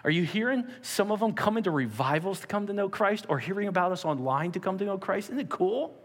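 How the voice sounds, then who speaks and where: A male pastor delivering a sermon and prayer, swinging between loud urging and quiet emphasis. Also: high-pitched, expressive, quick pace, big-room sound.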